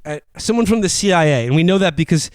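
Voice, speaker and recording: A man's voice: fairly high pitch, lively intonation, fast, no room sound. A man co-hosting a podcast, recapping a film in a wry, incredulous casual way. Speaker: podcast co-host. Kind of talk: casual comedic film review.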